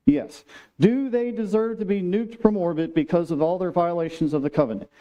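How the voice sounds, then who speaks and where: A man preaching a sermon in a church, casual and joking, acting out quotes with lively turns. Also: high-pitched, brisk, dull audio. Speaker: pastor. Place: church sanctuary.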